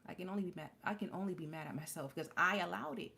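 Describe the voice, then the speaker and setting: A woman's voice: lowish voice, very fast, gravelly, bright, forceful tone. A woman in her forties hosting a casual live stream, talking candidly and rambling with restarts and fillers. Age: 40s. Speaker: livestream host.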